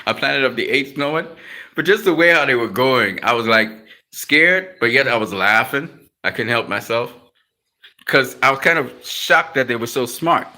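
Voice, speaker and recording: A man's voice: mid-range voice, bright, forceful tone. A man hosting a casual live-stream chat, talking in laid-back slang, laughing often and trailing off mid-sentence. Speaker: YouTube channel host.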